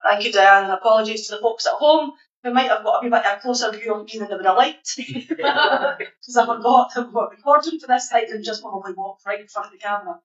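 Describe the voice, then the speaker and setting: A woman's voice: a little high, fast talker, fairly bright tone. A Scottish woman minister giving an informal, chatty sermon in a church hall, putting questions to the congregation. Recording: echoey hall, dull sound.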